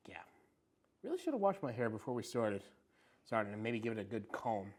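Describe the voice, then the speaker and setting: A man's voice: medium pitch, very animated, brisk. A man co-hosting a casual podcast chat in a library podcast room, loose and joking, swearing casually. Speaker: podcast co-host.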